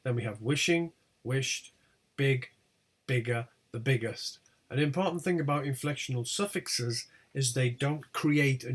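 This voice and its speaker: A man teaching a recorded pronunciation lesson, reading out example words one by one with clear, deliberate delivery. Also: medium pitch. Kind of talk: recorded lecture over slides.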